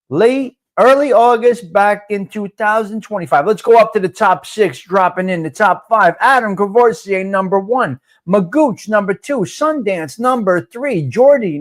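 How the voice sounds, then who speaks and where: Loud, cursing host. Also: male voice, high-pitched. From North Jersey. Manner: loud, profane, talks to viewers by name. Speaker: live show host. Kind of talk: casual live-stream chat.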